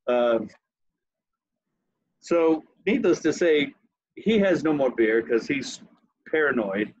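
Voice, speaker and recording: A man's voice: medium pitch, slow, pauses often, no echo, lo-fi sound. A man hosting a podcast, telling a long story in casual chat with laughs. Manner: animated, laughs while telling stories. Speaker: podcast host.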